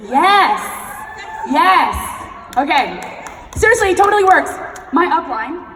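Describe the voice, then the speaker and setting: A young woman giving a blunt, energetic motivational talk on stage and leading the crowd in chanted affirmations, heard in a large event hall. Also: high-pitched, normal speed, faint music behind. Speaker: sales team leader and motivational speaker. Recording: echoey hall recorded from far off.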